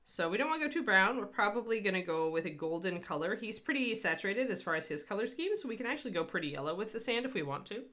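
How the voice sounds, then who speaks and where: A woman's voice: medium pitch, big pitch swings, fast, few pauses, a bit bright. A woman hosting a casual livestream painting tutorial from home, chatty and rambling, laughing often. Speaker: host and miniature painting instructor.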